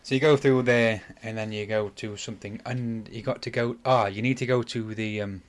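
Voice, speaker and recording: A man's voice: fairly low pitch, steady tone, moderate pace. A man, casually retelling a game's plot on a podcast, rambling and apologizing as he goes. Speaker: podcast host. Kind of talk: casual chat.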